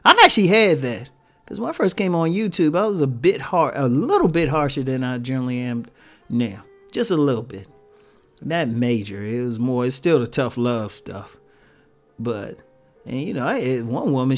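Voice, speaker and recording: A man's voice: medium pitch, lively intonation, moderate pace, soft background music. A man hosting his own video channel, talking casually to his audience, laughing often and posing rhetorical questions. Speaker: YouTube host addressing viewers. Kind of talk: casual talking-head commentary.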